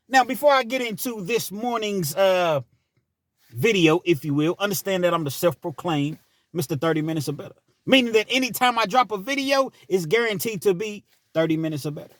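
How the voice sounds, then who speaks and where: A man hosting his own channel tells a personal story in a chatty, rambling monologue full of asides. His high voice is a bit bright, with lively intonation and a brisk pace, and there's no echo.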